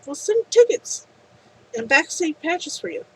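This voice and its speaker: A woman's voice: very high-pitched, lively intonation, a little slow, sharp tone, a little hiss or hum, exaggerated voice, poor audio. A woman voicing a cheerful young idol offering concert tickets.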